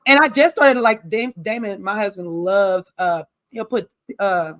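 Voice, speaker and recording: A woman's voice: mid-range voice, measured pace, no echo. A woman co-hosting a casual livestream chat. She talks candidly, with features, long asides and frequent laughs. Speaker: co-host.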